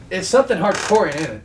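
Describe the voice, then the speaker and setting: A man hosting a casual gaming chat, trading quick jokes with a friend. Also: sits high, background noise. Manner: joking, quick banter. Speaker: gaming channel host.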